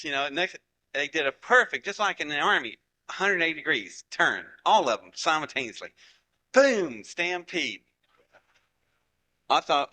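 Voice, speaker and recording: An Ohio man in his forties tells a folksy story to an audience, acting out what people said. His mid-range voice is expressive, bright and forceful at a moderate pace, though the audio is poor.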